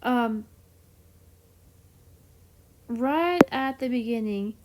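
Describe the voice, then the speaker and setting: A woman with a somewhat high voice teaches chant in a casual, chatty way. She is openly enthusiastic and playful about the material. She talks with plenty of fillers and little laughs. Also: lively intonation, drawn-out words, very noisy. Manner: enthusiastic, playful, self-described geek. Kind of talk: casual explanatory lesson.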